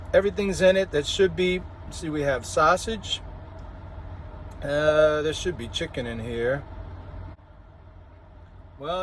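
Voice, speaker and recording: A truck driver from New Orleans with a New Orleans accent, chatting casually to camera in a vlog and laughing often. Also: male voice, on the high side, slight background noise. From New Orleans, Louisiana.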